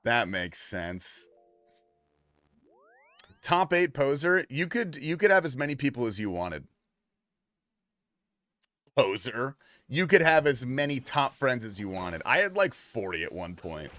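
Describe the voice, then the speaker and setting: A man's voice: mid-range voice, normal speed, no room sound. A man streaming a video game, chatting casually and swearing as he reacts to the game and his chat. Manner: loose and profane, reacting to gameplay and chat; shifts between mumbling asides and excited outbursts. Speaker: livestreamer. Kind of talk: casual gaming livestream chat.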